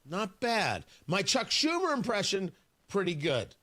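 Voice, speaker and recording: Talk radio guy, high bright voice, bounces all over, sarcastic and fired up. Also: huge pitch swings, measured pace. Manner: indignant, sarcastic, emphatic. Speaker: radio talk show host. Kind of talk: opinionated talk radio monologue. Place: radio studio. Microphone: studio microphone.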